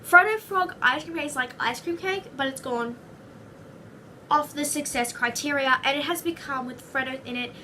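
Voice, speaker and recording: A young Australian woman talks to her camera in a high, bright voice, rambling from one goofy aside to the next. She sits a little back from the mic, and faint room noise hangs behind her. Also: normal speed, recorded from a distance. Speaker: vlogger. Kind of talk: casual chatty vlog.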